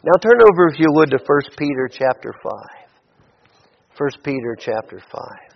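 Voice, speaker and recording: A man's voice: a little high, very animated, normal speed, creaky, a little hiss or hum. A man preaching a sermon in a conversational way, often restarting and repeating words. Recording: dull audio with long hall reverb.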